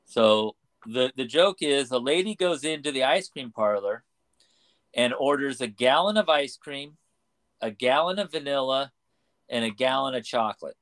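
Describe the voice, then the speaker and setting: A man co-hosting a podcast, telling a story in a casual chat with halting restarts. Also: mid-range voice, expressive, a bit bright. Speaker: podcast co-host.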